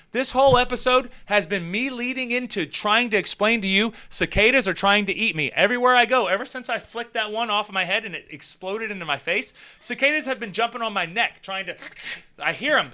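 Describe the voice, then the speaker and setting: A man hosting his own show, telling rambling comic stories in a casual, animated way with swearing. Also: high voice. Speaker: show host. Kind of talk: casual comedic storytelling.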